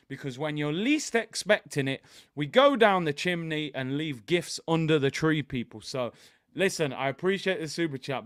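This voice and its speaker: A man with a London accent hosts a casual live watch-along, talking in an animated, chatty way as he reads viewer comments aloud. His voice sits a little higher than most men's. The sound is dry, with no room echo. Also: clean tone. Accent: London English. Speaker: host.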